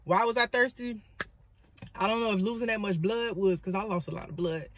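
A woman, from Florida, telling a personal story in a dramatic, animated vlog with frequent asides. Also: medium pitch, fairly quick. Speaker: vlogger and motivational speaker.

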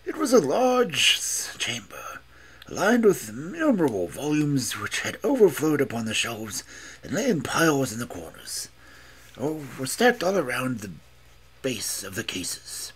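A husky-voiced man reads a classic detective story with dramatic emphasis. His pitch swings widely from phrase to phrase. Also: sing-song, a little slow, a bit bright. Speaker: audiobook reader. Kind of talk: expressive story narration.

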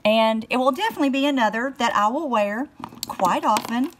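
A woman's voice: on the high side, lively intonation, fairly quick, slight background noise. A middle-aged woman with a Southern American accent, chatting casually on a beauty live stream and greeting viewers by name. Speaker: beauty vlogger live-streaming lipstick swatches.

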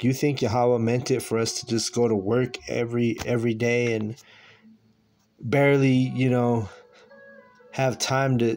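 A man's voice: mid-range voice, darkish tone. A man teaching from scripture in a loose, conversational way, full of slang, restarts and filler words. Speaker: preacher.

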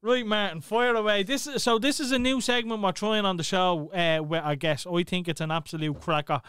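A man's voice: high-pitched, fairly even intonation, fairly quick, fairly bright tone, clear, resonant tone, no echo. An Irish man hosting a podcast in a studio, loose, bantering and swearing. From Ireland. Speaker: podcast host. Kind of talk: casual podcast chat.

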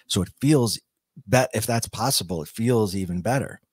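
A man's voice: on the low side, normal speed, slightly rough, no echo. A man telling his own near-death story as a podcast guest, earnest and reflective, stopping and restarting as he searches for words. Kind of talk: personal storytelling.

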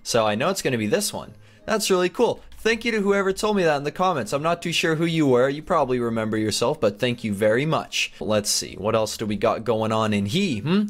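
A young man giving excited game commentary, narrating each move with gasps, laughs and chatter to his viewers. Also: medium pitch, a little fast, hardly any pauses. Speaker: gaming YouTuber.

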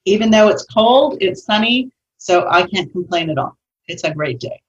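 A woman co-hosting a podcast, talking in a relaxed, conversational way. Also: mid-range voice, moderate pace. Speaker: podcast co-host. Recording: dull audio, distant from mic.

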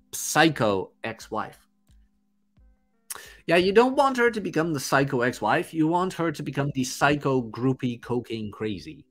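A man in his thirties hosts a podcast. He talks bluntly and crudely in a casual monologue, with a lively, swooping voice at a middling pitch. He acts out bits of stories as he goes. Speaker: podcast host.

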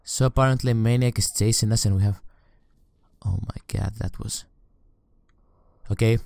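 A man's voice: on the low side, fairly even intonation, normal speed, vocal fry, a little mellow, dry recording. A man playing a horror game on camera, talking to the game and his viewers, often shrieking and swearing when scared. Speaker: let's play gamer.

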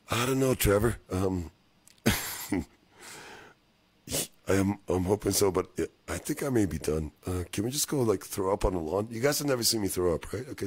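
A man's voice: deep voice, husky. A drunk livestream musician rambling and swearing to his chat viewers.

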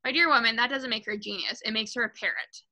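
A woman's voice: on the high side, fast, pushed and bright, full character voice, low-quality recording. A woman reading aloud and voicing a huge, bullying female headmistress who barks and mocks. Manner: barking, snapping, mocking.

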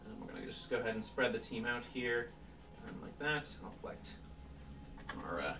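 A man narrating a tabletop game as game master, pausing often with fillers as he describes the scene. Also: medium pitch, lively intonation, sharp tone, distant mic. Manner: hesitant, many fillers. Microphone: streaming setup.

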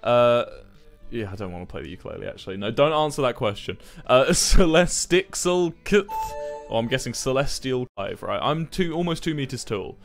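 Talking to his stream audience, a young man rambles through stories in an animated, casual manner, swearing a lot. His voice is medium in pitch.

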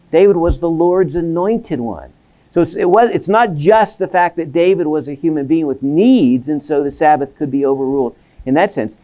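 A man lecturing on scripture in a lively, animated way, his voice sitting a bit higher than most men's. He throws questions at the room, then answers them, and keeps tagging his points with a quick "right?" to keep listeners with him. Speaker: seminary lecturer. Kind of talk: academic Bible lecture.

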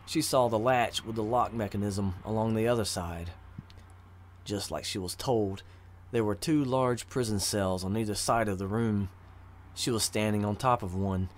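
Low-voiced man reading a fantasy story. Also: normal speed, a little hiss or hum. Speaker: narrator. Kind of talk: audiobook narration of fantasy fiction.

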